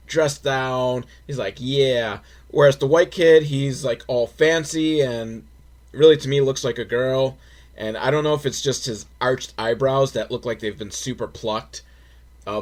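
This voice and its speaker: A man in his forties giving a sarcastic, profane, rambling commentary on an old film. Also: mid-range voice. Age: 40s. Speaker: film reviewer.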